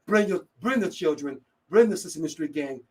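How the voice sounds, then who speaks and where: Man, radio talk host, high voice, energetic, keeps saying the same catchphrase, a bit off mic. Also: normal speed, breathy edge, far from the mic, poor audio. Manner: energetic, keeps repeating "yes, indeed". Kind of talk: live radio talk and shout-outs.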